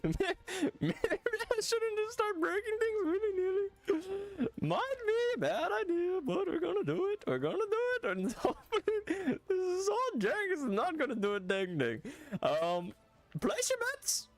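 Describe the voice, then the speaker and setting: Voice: very high voice, very animated, a little slow, soft background music, voice pushed up, heavily acted. A streamer putting on a goofy mock Swedish cook character, talking through puffed lips in a babbling comic accent that is hard to understand.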